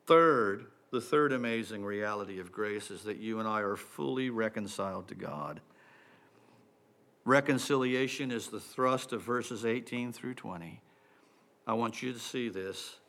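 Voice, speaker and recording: A man's voice: mid-range voice, pushed and bright. A man preaching a sermon, emphatic and building to exclamations.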